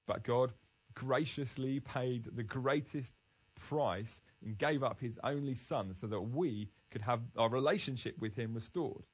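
A man's voice: medium pitch, low-quality recording. A man giving an earnest, emphatic devotional Bible talk, restarting phrases as he goes. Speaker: Christian speaker.

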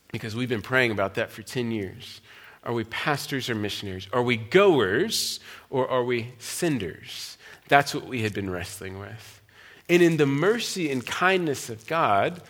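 A man in his thirties, a pastor and missionary, telling a personal testimony to a church with a relaxed, chatty delivery full of fillers and restarts. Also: mid-range voice, moderate pace. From United States. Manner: conversational storytelling, frequent fillers and restarts.

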